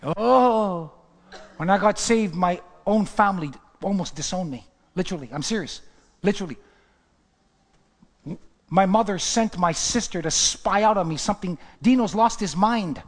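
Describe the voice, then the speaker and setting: A male preacher giving an impassioned sermon, swinging from hushed whispers to loud outbursts. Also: high-pitched, normal speed, big-room sound.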